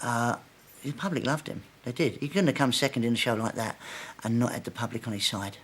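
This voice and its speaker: A man's voice: medium pitch, fairly quick, fairly bright tone. A man with a blunt, jokey manner, remembering a friend. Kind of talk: interview recollection and jungle clips. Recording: clips with music under.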